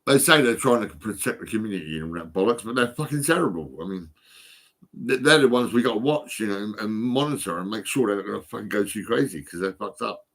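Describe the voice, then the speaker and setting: A lowish, bright-edged male voice rants into a phone, repeating words as he stumbles along. He swears constantly and lurches between grumbling under his breath and loud outbursts. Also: expressive, fast talker. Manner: heavy swearing, stammering repeats, swings from muttering to outbursts. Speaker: vlogger. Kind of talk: rambling solo rant to camera.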